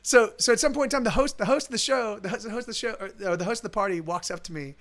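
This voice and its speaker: A male musician streaming live races through a rambling, casual story in a high, slightly bright voice, restarting often and swearing, with faint guitar playing behind him.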